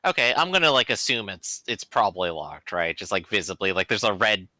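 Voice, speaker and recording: A man's voice: lowish voice, sing-song, fairly quick, pushed and bright, dry recording. A man playing a tabletop game, talking casually and slipping into his character's lines. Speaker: player.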